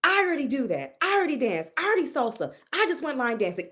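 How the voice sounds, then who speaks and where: A young woman telling a story in a casual, expressive way, exclaiming and mimicking others, with many restarts. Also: high-pitched, fast talker. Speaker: storyteller recounting a reading.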